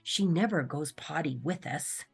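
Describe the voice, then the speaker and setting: A woman voicing a sweet, dainty female dog, speaking softly. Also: low voice, lively intonation, unhurried, gravelly, breathy edge, soft background music, voice pushed down, heavily acted. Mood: wry. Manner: soft and dainty.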